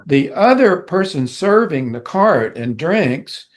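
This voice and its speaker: An older man, a musician being interviewed, telling a story in an animated way and acting out the people in it. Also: a little high, slow pace. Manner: animated, vivid storyteller who acts out quoted people. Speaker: guest musician.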